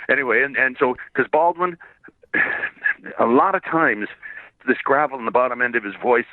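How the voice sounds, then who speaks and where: A slightly hoarse man, born in Ireland and raised in Canada, telling stories as an interview guest, laughing often and swearing casually. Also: medium pitch, moderate pace, no room sound. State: a bit hoarse. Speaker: voice actor and singer guest. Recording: dry tinny phone-like line.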